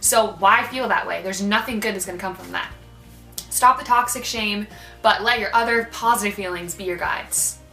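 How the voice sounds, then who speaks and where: Bright young woman, encouraging advice. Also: mid-range voice, moderate pace, reverberant, faint music behind. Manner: warm, encouraging, with fillers like "um" and "like". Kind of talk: casual advice talk to camera.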